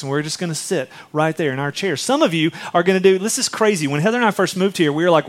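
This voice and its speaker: A man's voice: a little high, fast talker. A man preaching a sermon in a conversational way, acting out quotes as he tells stories. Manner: conversational, animated storytelling with acted-out quotes. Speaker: pastor.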